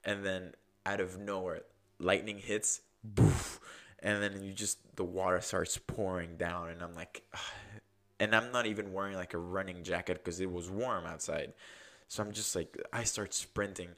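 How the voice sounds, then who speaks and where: A podcast host telling a casual, rambling story, full of fillers and quoted self-talk. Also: male voice, deep voice, a bit bright. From United States.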